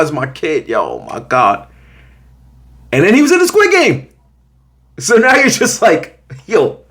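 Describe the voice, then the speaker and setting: A young man hosting a casual show review, telling scenes in slang and acting out the characters' reactions. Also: a little high. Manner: slangy, animated storytelling with voiced reactions. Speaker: show host reviewing a series.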